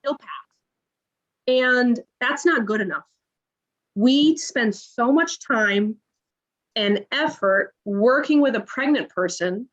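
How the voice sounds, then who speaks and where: A woman's voice: on the high side, takes it slowly. A woman in her thirties recounting a personal story in a casual interview, acting out the dialogue with animation. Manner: animated retelling, acts out quoted dialogue. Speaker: podcast guest. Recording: dull lo-fi audio.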